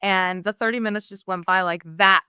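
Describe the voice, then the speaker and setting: A woman's voice: medium pitch, steady tone, moderate pace, clear, resonant tone, no room sound, studio quality. A woman hosting a podcast, chatting enthusiastically with her guest. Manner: warm, enthusiastic, laughs easily. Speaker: podcast host. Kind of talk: conversational interview.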